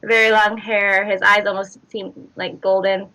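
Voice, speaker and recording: A woman narrates a tabletop game as its game master, loose and chatty, with many fillers and small laughs. Her voice is bright and clear. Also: mid-range voice, little pitch movement, unhurried, poor audio.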